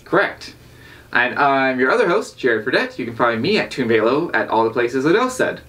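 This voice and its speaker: A man co-hosts a casual podcast with a wry, dry wit. His pitch swings in lively arcs, and he sits a little back from the mic. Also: normal speed, distant mic. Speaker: podcast co-host.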